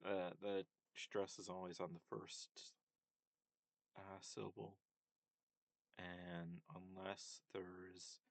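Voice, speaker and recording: Male tutor, deep voice, slow and halting delivery with lots of ums. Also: level tone, creaky, dry recording. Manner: hesitant, many fillers and self-corrections. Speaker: language teacher. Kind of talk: casual linguistics lesson.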